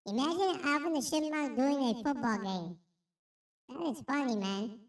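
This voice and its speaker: A man using a pitch-raising voice changer to sound like a squeaky chipmunk-like cartoon voice, talking playfully. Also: moderate pace. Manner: playful, silly. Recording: distant and roomy.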